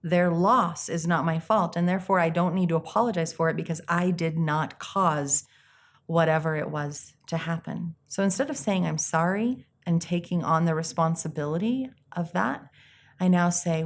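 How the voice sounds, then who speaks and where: Earnest woman coach, low gentle voice. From United States. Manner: earnest, gentle, pauses often and acts out little quotes. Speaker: life coach. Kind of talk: reflective self-help talk to camera.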